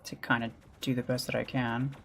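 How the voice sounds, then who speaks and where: A male gaming streamer talking casually to his live chat. He answers viewers' questions in a loose, offhand way and slips into low mutters while he plays. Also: level tone, fairly quick, fairly bright tone, slight background noise. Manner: chatty, reads and answers chat, mutters during play. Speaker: gaming livestreamer.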